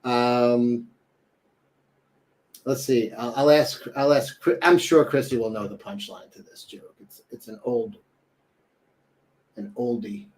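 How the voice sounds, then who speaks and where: Speaking slowly with long pauses, this co-host has a mid-range, darkish voice. The young man rambles through casual talk-show chat, fillers everywhere, cracking jokes in put-on voices.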